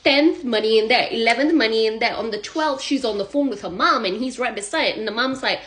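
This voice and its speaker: A young woman telling a gossip story casually on social media, sassy and animated, acting out the quoted lines. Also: fairly high pitch, fairly quick.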